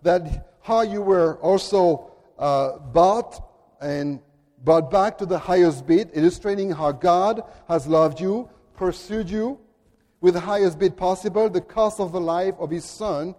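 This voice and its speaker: A man with a French accent preaching a sermon in an earnest, deliberate way, at times speaking directly to children. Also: high-pitched, mellow, long reverb tail. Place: church.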